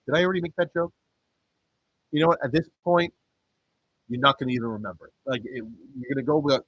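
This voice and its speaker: A man's voice: mid-range voice, fast talker, long pauses, breathy edge, no echo, highs cut off. A man streaming, reading wrestling results in a rambling, swearing, self-mocking way. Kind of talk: casual profane commentary.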